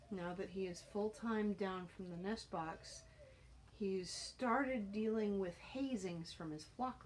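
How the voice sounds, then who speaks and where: A woman talking casually while training a young pigeon, calm and explanatory, breaking into high cooing baby talk at the bird. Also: a little hiss or hum.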